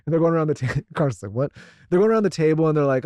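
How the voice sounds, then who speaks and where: Fast-talking man, rambling podcast host. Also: mid-range voice, lively intonation, darkish tone, no room sound. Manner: rambling, fast, many fillers. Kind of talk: casual podcast conversation.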